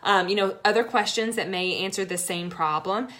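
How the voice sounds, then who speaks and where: A woman's voice: medium pitch, moderate pace, fairly bright tone. Brief: young adult woman, live video coach, friendly and chatty, keeps checking in with her audience. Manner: chatty, encouraging, asks "right?" often. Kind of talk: live-streamed coaching talk.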